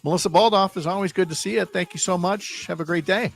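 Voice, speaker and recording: A man's voice: high voice, fast talker, creaky, soft background music. A man hosting a morning radio show, chatting casually with jokey, upbeat banter.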